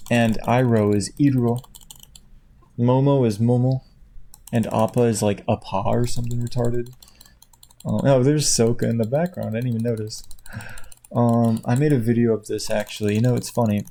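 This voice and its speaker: A man chatting casually at his computer at home, tired, quiet and rambling, laughing often. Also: medium pitch, steady tone, moderate pace, slight background noise. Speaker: video creator. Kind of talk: casual chat while clicking at a computer. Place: at home indoors.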